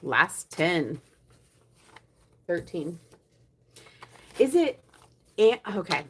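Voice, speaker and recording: A young woman vlogging a savings challenge, chatting casually and counting money aloud, often dropping to a soft murmur. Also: fairly low pitch, big pitch swings, very slow, slight background noise. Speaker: budgeting vlogger.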